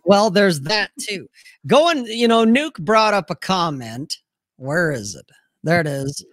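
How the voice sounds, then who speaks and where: Slow-talking blunt, profane man. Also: sits high, very animated, fairly bright tone, no room sound, studio quality. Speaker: podcast host. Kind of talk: casual livestream chat.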